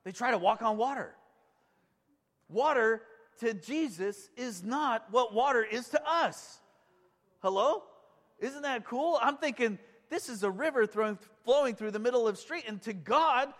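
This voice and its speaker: High-voiced male preacher in a reverberant hall. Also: expressive, normal speed, fairly bright tone. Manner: enthusiastic, conversational, asks the congregation questions. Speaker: pastor. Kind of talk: sermon.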